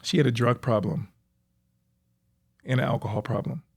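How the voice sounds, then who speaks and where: A young man, a professional athlete, reflectively recounting his own life story in a halting way, with frequent fillers. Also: mid-range voice, vocal fry, darkish tone. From United States. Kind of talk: personal storytelling.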